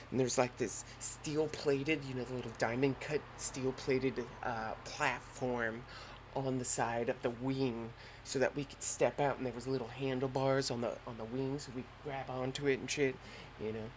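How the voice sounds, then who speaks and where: A young man hosting a podcast, telling a story in a lively, slangy and profane way. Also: mid-range voice, normal speed, a little hiss or hum. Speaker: podcast host. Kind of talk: casual storytelling.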